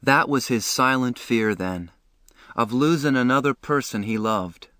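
A man narrating a novel in the first person, reading in a measured, plain way. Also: mid-range voice, fairly bright tone, smooth, no echo, clean studio sound. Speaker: audiobook narrator.

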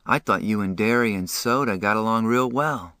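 A quiet, wounded teenage boy who speaks softly and low, read by a man in an audiobook. His voice stays sharp-edged and close, on a dry track with no room sound. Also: normal speed, clear, resonant tone, no echo. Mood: subdued. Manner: soft, subdued.

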